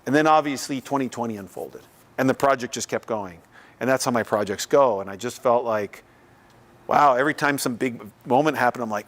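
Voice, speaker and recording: A man talks loosely and conversationally to a room as a visiting artist. He speaks in a mid-range voice, casual and unscripted, with quick asides. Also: medium pitch, fairly bright tone. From Canada. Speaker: visiting artist giving a lecture. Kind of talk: casual lecture and Q&A. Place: lecture room.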